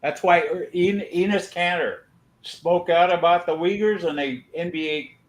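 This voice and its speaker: A man's voice: high voice, a little slow. A man hosting a podcast in casual banter, opinionated and rambling while chewing gum. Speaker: podcast host.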